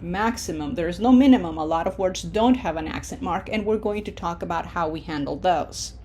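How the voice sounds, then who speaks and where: A woman teaching a recorded language lesson, modeling words clearly for repetition and checking in with frequent "okay?" prompts. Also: mid-range voice, darkish tone, slight background noise. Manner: slow, deliberate, checks in with "okay?". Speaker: Spanish teacher.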